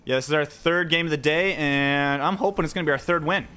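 A young man hosting a gaming channel, excitedly narrating his own gameplay and reacting out loud to every shot. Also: fairly high pitch, fast, smooth. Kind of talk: live gameplay commentary.

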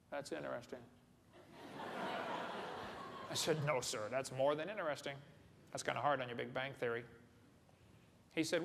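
A man with a voice on the high side and some vocal fry gives a humorous seminar lecture to a live audience in a large hall. He's folksy and joking, often putting questions to the crowd. The hall is echoey, with faint room noise.

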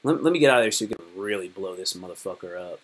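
A man's voice: low-pitched, lively intonation, very fast, slightly rough. A man from Virginia chatting casually on a live stream, joking and rambling in a loose, slangy way. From Virginia, United States.

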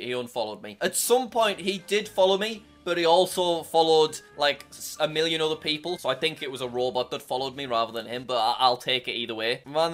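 A man's voice: on the high side, a bit bright. Chatty self-mocking young man vlogger. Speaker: YouTuber. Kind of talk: casual vlog commentary.

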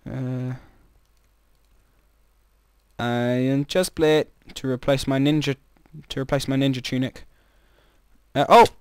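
Guy chatting over his game, mid pitch, dry close mic, keeps yelping oh no. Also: fairly even intonation, slow pace, long pauses, smooth, dry recording. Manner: chatty, rambling, jumpy exclamations. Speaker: gamer. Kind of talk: casual gameplay commentary.

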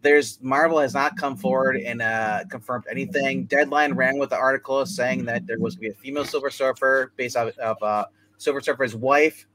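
A man's voice: mid-range voice, steady tone, a little fast, hardly any pauses, a crowd in the background, low-quality recording. A man hosting a casual chat show, rambling with many restarts and fillers.

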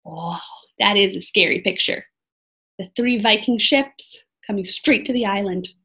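A woman reading a children's chapter book aloud, dramatic and lively, who stops for chatty asides about the story. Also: mid-range voice, a little slow. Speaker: reader.

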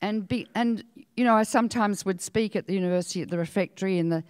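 A woman's voice: mid-range voice, fast, darkish tone, clear, resonant tone, no echo, clean studio sound, long reverb tail. An older woman with an Australian accent giving a public lecture, telling stories in a frank, outspoken manner. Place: lecture hall.

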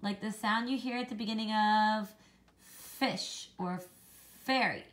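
A woman teaching a children's phonics lesson, slowly modelling letter sounds and encouraging the kids to copy her. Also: mid-range voice, a bit bright.

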